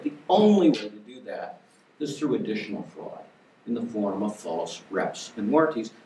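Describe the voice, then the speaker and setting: An older man giving an academic lecture as a guest lecturer, emphatic and wry, with lively bursts of stress on key words. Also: medium pitch, a little hiss or hum. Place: lecture hall. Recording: echoey hall from far off.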